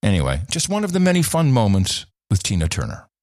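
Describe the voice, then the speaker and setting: A man's voice: fairly low pitch, wildly swooping pitch, quick pace, a little mellow, no room sound, clean studio sound. A middle-aged man and host telling a story in casual chat. He rambles, restarts his sentences often and laughs now and then. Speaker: podcast host and former radio/TV host.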